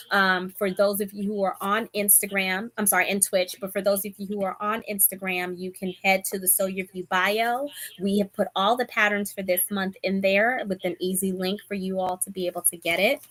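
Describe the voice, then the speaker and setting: Bronx lady hosting a sewing livestream, chatty, upbeat, lots of ums, middle pitch. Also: pushed and bright. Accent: Bronx New York. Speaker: livestream host. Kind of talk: casual live chat.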